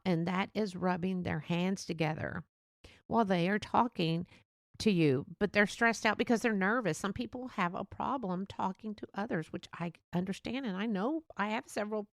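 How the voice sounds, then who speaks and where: A woman hosting a casual solo podcast, talking fast and rambling, laughing between thoughts. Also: mid-range voice, creaky, no room sound, studio quality. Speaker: podcast host.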